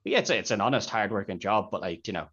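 A man's voice: lowish voice, expressive, quick pace, a bit bright. A man hosting a podcast, chatting casually about a film and retelling scenes with quoted lines. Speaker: podcast host. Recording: dull lo-fi podcast audio.

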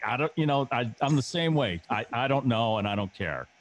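Man, podcast host, casual, relaxed, mid pitch. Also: brisk.

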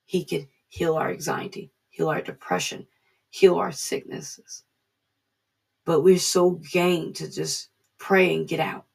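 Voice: mid-range voice, creaky, husky. A speaker giving an informal devotional talk, earnest and repeating key phrases for emphasis.

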